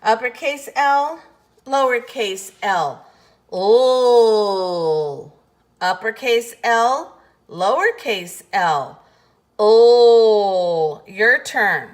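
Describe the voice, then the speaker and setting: A woman with a fairly high voice leads a phonics lesson at a very slow, deliberate pace. She over-enunciates each letter sound patiently and pauses often for the listener to repeat. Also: animated, a bit bright. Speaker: phonics teacher.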